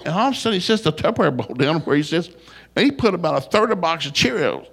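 An older man telling a funny family story in a folksy, animated way, his voice jumping up when he quotes himself. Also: fast, creaky, slightly rough. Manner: folksy, animated, gets loud and high when quoting himself.

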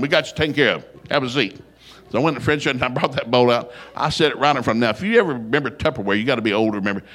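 An older man telling a funny family story in a folksy, animated way, his voice jumping up when he quotes himself. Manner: folksy, animated, gets loud and high when quoting himself.

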